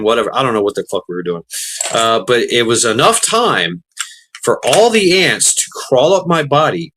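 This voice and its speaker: Rambling, bright-voiced streamer man. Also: mid-range voice, a little hiss or hum. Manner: rambling, halting, many restarts and fillers, swears freely. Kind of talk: casual rambling chat while gaming.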